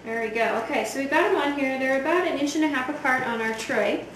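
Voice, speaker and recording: Woman, upbeat cooking demo, fairly high voice, roomy kitchen sound, mic some distance off, sizzling in the background. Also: fast. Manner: chatty and enthusiastic, with fillers. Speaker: home cook. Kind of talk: cooking demonstration. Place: home kitchen. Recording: echoey kitchen, voice from far off, loud frying noise.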